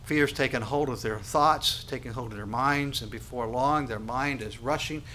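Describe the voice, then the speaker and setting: A man preaching a sermon, emphatic and full of rhetorical questions, swinging from quiet to loud. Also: mid-range voice, normal speed, slight background noise. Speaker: pastor.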